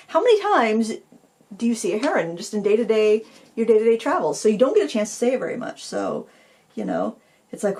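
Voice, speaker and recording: A woman's voice: a little high, lively intonation, brisk, darkish tone. A middle-aged woman hosting a painting tutorial, rambling in a self-deprecating way as she talks to viewers while she works. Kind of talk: casual chatty painting tutorial.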